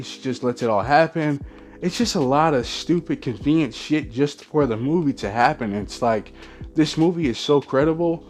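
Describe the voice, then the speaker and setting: A man ranting in a movie review vlog, profane and exasperated, often mimicking lines in mock quotes. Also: mid-range voice.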